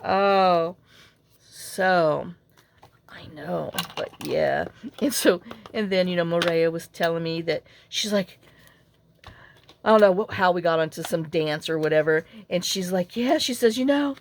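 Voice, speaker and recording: A woman's voice: lowish voice, unhurried, creaky, a little hiss or hum. A woman hosting a casual crafting tutorial, chatty and rambling as she talks viewers through her work. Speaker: crafting channel host.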